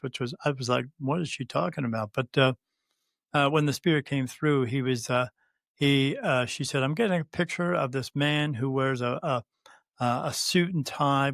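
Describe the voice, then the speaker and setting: Halting man in his fifties telling a story. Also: medium pitch, fairly bright tone, no room sound, clean studio sound. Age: 50s. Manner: halting, many fillers and restarts, quotes others' words. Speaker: podcast guest, spirit medium. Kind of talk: storytelling in casual conversation.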